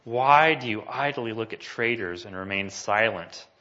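A male pastor with a bright, forceful voice delivers a sermon. He swings from easy asides to emphatic, loud scripture reading. The recording is slightly dull and muffled. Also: fairly low pitch, measured pace.

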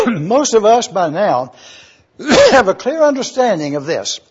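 A man preaching a teaching sermon, slow and deliberate, repeating key words and often clearing his throat. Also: high voice, sing-song, darkish tone. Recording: dull lo-fi recording.

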